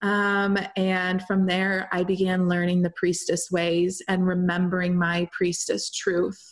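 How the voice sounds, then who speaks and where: Animated woman telling her own story. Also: fairly low pitch, unhurried. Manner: animated, swears casually, lots of "like". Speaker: spiritual coach. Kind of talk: casual personal storytelling.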